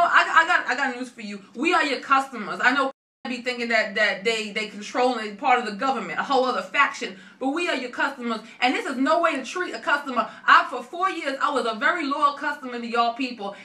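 A woman playing a brassy new york caller fed up with her bill, high bright voice, roomy off-mic sound. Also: fast, recorded from a distance. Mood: irate. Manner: brash slangy complaining. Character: loud sassy irate woman customer from the Bronx.

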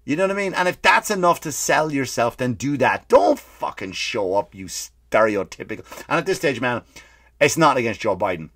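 A man hosting a comedy podcast, ranting quickly and emphatically with lots of swearing and repeated phrases. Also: mid-range voice, animated, fairly bright tone, no room sound, studio quality. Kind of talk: comedic rant.

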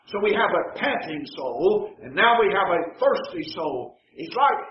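A man preaching a sermon, reading scripture slowly and often repeating words as he goes. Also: sits high, slight background noise. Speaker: pastor. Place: church sanctuary. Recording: dull, roomy church recording.

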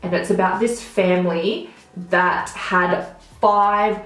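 A woman's voice: on the low side, fairly even intonation, slow pace, a bit bright. Bubbly woman in an echoey room. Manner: bubbly, gushing, drops to mumbles at ends of phrases; talks while doing her makeup. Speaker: beauty vlogger. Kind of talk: casual chat to camera.

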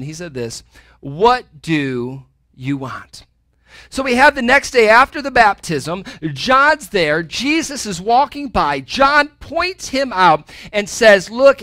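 A man's voice: sits high, pushed and bright, dry recording. A man preaching a sermon to a church congregation, talking in a conversational way and adding playful asides. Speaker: pastor. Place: church sanctuary.

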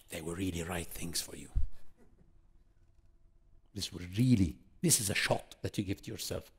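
A man giving a religious lesson to an audience, animated and full of rhetorical questions, acting out quotes. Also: low-pitched, normal speed, pauses often, slightly rough. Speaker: Islamic lecturer.

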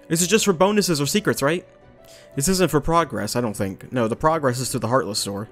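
Animated, sarcastic gaming commentator man. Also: mid-range voice, fairly quick, faint music behind. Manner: sarcastic, rambling, playful swearing. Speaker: gaming YouTuber. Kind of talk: let's play commentary.

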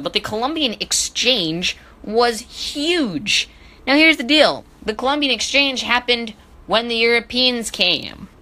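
A woman's voice: mid-range voice, sharp tone, poor audio. A woman teaching history in a casual podcast, full of joking self-deprecating asides and stumbling over hard names.

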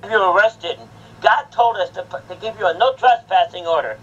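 A man's voice: high voice, moderate pace, a bit bright, husky. A man, a pastor, lecturing bluntly and sternly during a confrontation in a church. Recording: muffled with faint background noise.

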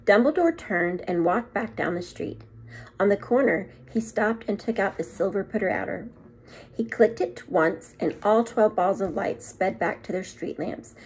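A woman, a second grade teacher, reading a children's book aloud in a gentle, expressive storytelling manner. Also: mid-range voice, husky.

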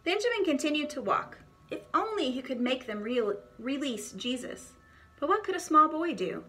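A woman reading a children's devotional storybook aloud in an expressive, clear storytelling manner. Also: sits high, moderate pace, soft background music.

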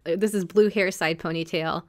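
Her voice fairly low and steady in tone, a female podcast host walks through episode recaps in a chatty, casual way. Along the way she briefly acts out what the characters said.

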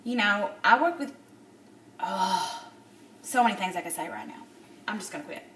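Woman in her thirties, tearful video diary, halting, lots of fillers; roomy echo, mic set back. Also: mid-range voice, animated, a bit bright, distant mic, a little hiss or hum. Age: 30s. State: upset, near tears. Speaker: vlogger.

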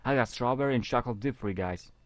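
A man reading a visual novel aloud in a casual, halting way with jokey asides. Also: medium pitch, dry recording. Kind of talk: casual game reading with commentary.

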